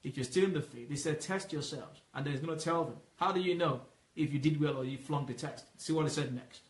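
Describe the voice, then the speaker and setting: A man leading a Bible study, explaining patiently and asking questions for the listener to fill in. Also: a little high. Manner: asks questions and lets the listener fill in the answer; explains patiently, repeating points slowly. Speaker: Bible teacher. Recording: roomy echo.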